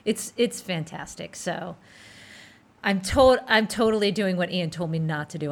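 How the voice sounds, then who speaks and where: A woman co-hosting a podcast in casual chat, animated and gushing with quick bursts of enthusiasm. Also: lowish voice, vocal fry. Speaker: podcast co-host.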